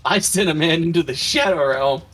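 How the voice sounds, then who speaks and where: A man's voice: a little high, moderate pace, a bit bright. A man playing in a tabletop game, chatting casually with joking asides. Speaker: player.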